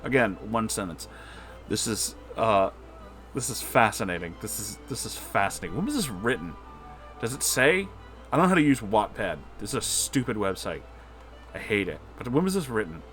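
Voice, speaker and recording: A man's voice: on the low side, very animated, normal speed, fairly bright tone, faint music behind. A young man reading fan fiction aloud with sarcastic, mumbled asides and casual swearing. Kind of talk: comedic dramatic reading with commentary.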